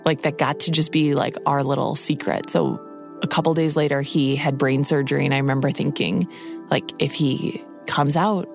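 A woman's voice: sits low, steady tone, normal speed, creaky, soft background music. A woman guest casually telling a personal story with wry humor, saying "like" again and again.

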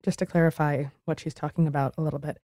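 A woman's voice: low-pitched, fairly even intonation, fast, mellow. A woman hosting a podcast who narrates context and affirms her guest. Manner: supportive, affirming interjections. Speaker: podcast host. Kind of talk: interview narration.

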